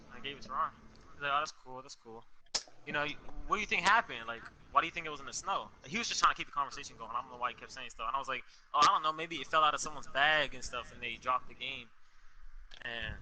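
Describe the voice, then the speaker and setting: A young man telling a story in a casual, animated way, full of slang and swearing, on a podcast with friends. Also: fairly high pitch, background noise. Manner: animated, profane, street slang. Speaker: podcast co-host.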